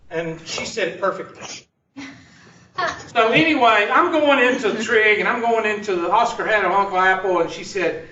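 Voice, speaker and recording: Recorded lo-fi in a roomy, distant, dull-sounding room, a man gives a math class lecture. He speaks in a high voice at normal speed over a noisy background, joking bluntly and digressing into stories.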